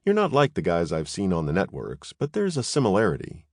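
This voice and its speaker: A man's voice: deep voice, wildly swooping pitch, a little fast, dry recording, studio quality, full character voice. A man voicing a bold, curious young human woman who talks in a teasing, impudent, chatty way.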